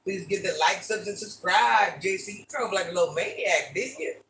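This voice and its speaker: A woman's voice: mid-range voice, normal speed, creaky, fairly bright tone, a little hiss or hum. An older woman hosting a casual live stream, chatting with viewers and repeating requests to like and subscribe. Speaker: livestream host. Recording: echoey room, voice from far off.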